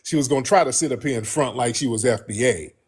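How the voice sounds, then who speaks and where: A man's voice: medium pitch, quick pace, husky. A man from the United States hosting casual commentary to his viewers, emphatic and repetitive, calling them family. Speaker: host.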